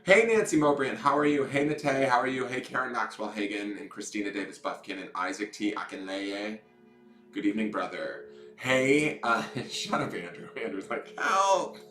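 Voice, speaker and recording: A man's voice: lowish voice, normal speed, a bit bright, roomy sound, soft background music. A man hosting a casual tarot live stream, chatting in a playful, campy way and greeting viewers by name. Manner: playful, campy, joking asides. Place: indoors at home.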